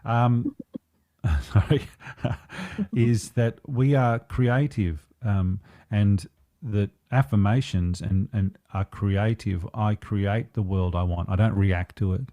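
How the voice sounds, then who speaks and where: Deep, mellow man on a podcast. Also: no echo. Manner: earnest, reflective, unhurried. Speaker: empowerment coach. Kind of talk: podcast interview conversation.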